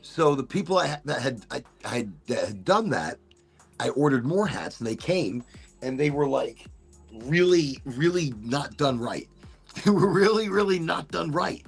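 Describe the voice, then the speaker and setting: A man's voice: mid-range voice, animated, a little slow, creaky, breathy edge, soft background music. A man hosting a casual podcast chat, rambling and laughing as he interrupts himself. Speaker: podcast host.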